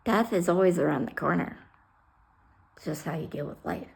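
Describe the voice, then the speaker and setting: A retired fire rescue worker tells her own story in a casual vlog, her lowish voice carrying vocal fry at a moderate pace. She's blunt and candid, swears, blends humor with raw emotion, and retells scenes by acting out both sides of conversations.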